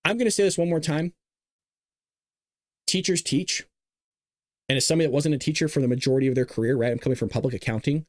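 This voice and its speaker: A man's voice: fairly high pitch, fast talker, pauses often, no echo, studio quality. A man hosting a live news commentary show, ranting emphatically with repeats and restarts.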